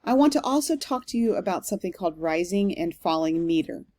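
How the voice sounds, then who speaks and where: A woman, a literature instructor, giving a recorded online lecture in an explanatory, steady way with frequent ums. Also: on the low side, brisk.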